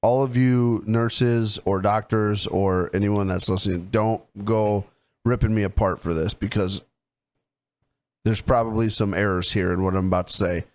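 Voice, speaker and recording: A man in his thirties with a lowish, darkish voice, fairly even in intonation and moderate in pace, co-hosts a podcast. He explains things loosely and teases his best friend in casual banter, joking and mocking him in put-on voices.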